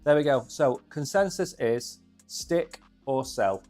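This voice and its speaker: A man's voice: mid-range voice, animated, slow pace, darkish tone, soft background music. A man co-hosting a casual crypto stream, chatty and joking. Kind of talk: casual chat.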